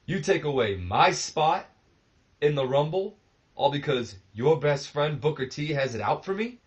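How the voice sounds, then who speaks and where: A man putting on the strained, breathless voice of a boastful old wrestler yelling in anger. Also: a little high, pitched above the performer's own voice. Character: boastful veteran male wrestler, furious, shouting.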